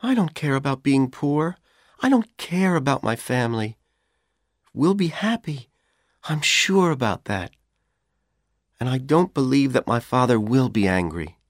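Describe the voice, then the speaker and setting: Man doing a frightened young college woman, high raised voice, pleading and tearful, dry close audiobook sound. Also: very animated, a little slow, long pauses, no echo. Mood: desperate. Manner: pleading, tearful, rising to shouts.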